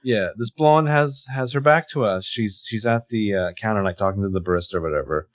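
A man co-hosting a podcast, casually recapping a TV episode with an animated, hesitant delivery full of fillers. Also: fairly low pitch, brisk, no room sound. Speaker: podcast co-host.

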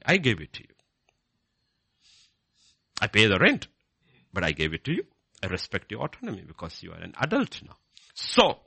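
A middle-aged man preaching a sermon, moving from quiet low scripture reading to loud, high-pitched exhortation. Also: gravelly, slightly rough, no room sound.

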